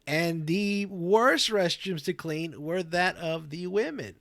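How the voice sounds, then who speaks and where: A man's voice: sits high, takes it slowly, gravelly, a bit bright, no echo. Giggly joking man co-hosting a talk show. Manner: joking, giggly, repeats himself. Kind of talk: role-played talk show banter.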